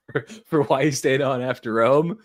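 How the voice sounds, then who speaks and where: A man's voice: medium pitch, a little slow, dry recording. A man co-hosting a live tennis watchalong, chatting opinionatedly about the match with bursts of laughter. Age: young adult or middle-aged parent of an infant. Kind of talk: casual live sports commentary.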